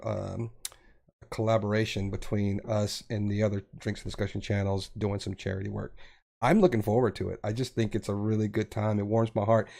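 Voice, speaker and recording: Man, podcast co-host, lowish voice, loose rambling delivery full of ums. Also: gravelly, dark tone. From Texas. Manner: rambling, with many fillers and restarts. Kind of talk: casual podcast chat. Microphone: podcast mic.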